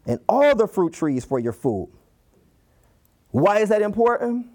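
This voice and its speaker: A man preaches with a Detroit accent, his voice swinging widely up and down as he drives home each point. He repeats key lines for emphasis and slips into playful voices when quoting people. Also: high voice. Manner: animated, repeats key phrases, acts out quoted voices. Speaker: pastor. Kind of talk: sermon.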